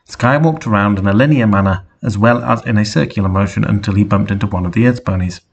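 A man narrating a story in a flat, deadpan reading. His voice is low and husky, with a gravelly rasp. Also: fast. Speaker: reader.

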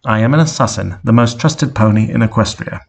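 A man voicing a calm, cold female unicorn assassin, delivered slowly and flatly. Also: mid-range voice, creaky, husky.

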